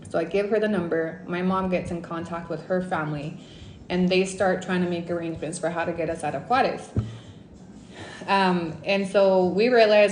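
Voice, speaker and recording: A woman from Mexico telling a personal story in a casual, animated livestream storytime, dropping in Spanish words. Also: fairly low pitch, normal speed, reverberant, slight background noise. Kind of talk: casual storytime on a live stream.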